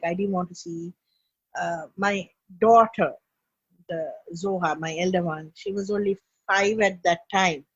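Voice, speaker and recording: A woman in her thirties, a podcast guest, tells a painful personal story in an earnest, emotional, halting way, full of fillers. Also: mid-range voice, fairly bright tone, husky. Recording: echoey room, dull lo-fi sound.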